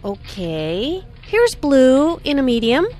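A woman playing a friendly salesperson in a scripted lesson dialogue, speaking her lines clearly and helpfully. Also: sits high, sing-song, slow, a little mellow, heavily acted. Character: friendly adult female shop salesperson. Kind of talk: scripted role-play dialogue.

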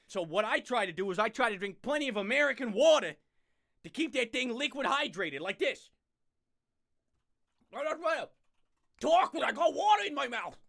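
A young man playing a hyper, fast-talking scout character from a game in a comic impression, frantic and yelping. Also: very high-pitched, sharp tone, full character voice.

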